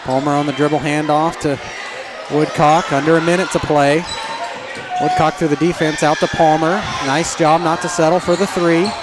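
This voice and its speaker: A man calling a high school basketball game live, with quick excited play-by-play and sudden jumps in pitch. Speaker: play-by-play announcer. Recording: loud gym crowd and noise. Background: basketball crowd and bouncing balls.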